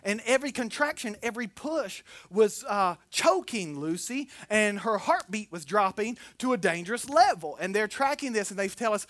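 A man's voice: sits high, animated, normal speed, few pauses, fairly bright tone, no room sound. A man preaching a sermon as a pastor, telling personal stories in a folksy, joking way and acting out the people in them. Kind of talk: conversational sermon storytelling.

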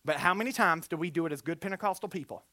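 A preacher giving a Pentecostal sermon in an animated, exclamatory manner, with call-and-response to the congregation. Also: medium pitch, rapid-fire, no echo, studio quality.

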